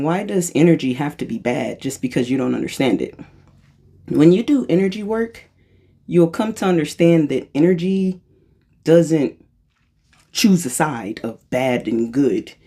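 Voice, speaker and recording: Spiritual channeler for a loose freestyle talk: rambling, self-correcting, joking at their own expense, mid-range voice. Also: darkish tone. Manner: playful and self-mocking, jumps into high-pitched voices for quotes; rambling, restarts and corrects itself.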